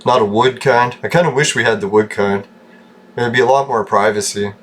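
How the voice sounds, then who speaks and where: A man's voice: mid-range voice, a little fast, a bit bright. A man from Canada giving rambling, casual commentary over gameplay, joking, swearing and laughing often. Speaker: gaming channel host.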